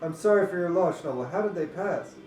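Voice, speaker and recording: A man's voice: sits high, expressive, brisk, darkish tone, distant mic. A man with a slightly raised voice questions a game figure earnestly. His voice rings in an echoey room, with music behind him. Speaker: player. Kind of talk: tabletop game role-play.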